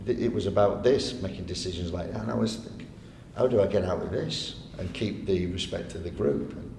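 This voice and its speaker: Speaking a little fast with vocal fry and a darkish tone, a man entertains a live audience as guest speaker with chatty anecdotes. He often laughs and acts out those he quotes. The arts venue hall sounds echoey, with a slight rumble underneath.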